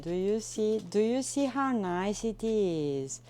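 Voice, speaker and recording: A woman chatting with her viewers while she cooks in a home kitchen, excitable and talkative, with some non-native phrasing. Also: medium pitch, slow. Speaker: cooking livestreamer. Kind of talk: casual live cooking chat. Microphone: phone.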